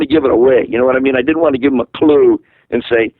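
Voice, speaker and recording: A man's voice: mid-range voice, racing, no echo. Older man on a tinny phone line. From Massachusetts, USA. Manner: animated storyteller who acts out quoted voices. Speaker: interviewee, musician. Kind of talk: rambling storytelling in a phone interview.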